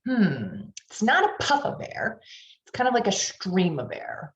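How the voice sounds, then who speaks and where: A woman's voice: a little high, big pitch swings, moderate pace. A woman with a Pittsburgh accent, a reading specialist teaching tutors, sounding out phonemes and coaching listeners to repeat them. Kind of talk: tutor training lecture. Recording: dull lo-fi online session audio.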